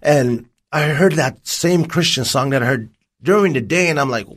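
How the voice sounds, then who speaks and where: Another interview guest, this man has a medium-pitched, slightly bright voice and talks at a normal speed. His personal testimony comes across as vivid storytelling, with the dialogue acted out.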